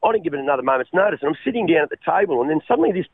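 An Australian man telling his life story as a radio guest, halting and repeating words as he speaks. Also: fairly high pitch, sing-song, husky, no echo. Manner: halting, repeats words, calls the host mate. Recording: tinny phone line.

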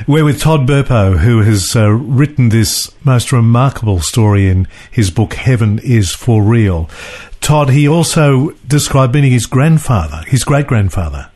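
A man's voice: mid-range voice, animated, a little slow, darkish tone. A man hosting a broadcast interview, asking short prompting questions. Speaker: interview host.

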